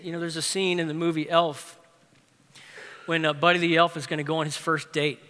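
A male pastor preaches in a high, bright voice, lively and conversational, with casual asides and humor. Long reverb from a big hall trails every phrase. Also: brisk. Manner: lively, conversational, uses humor and pop-culture stories. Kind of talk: sermon.

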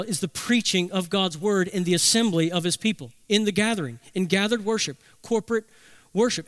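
A man preaching a sermon as pastor, emphatic, slowing down to stress key phrases. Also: sits high, a bit bright, clear, resonant tone, no echo.

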